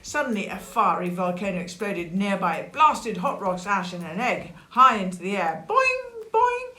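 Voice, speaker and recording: A woman reading a children's picture book aloud, lively, with chatty asides. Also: fairly low pitch, moderate pace. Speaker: storyteller. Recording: echoey room.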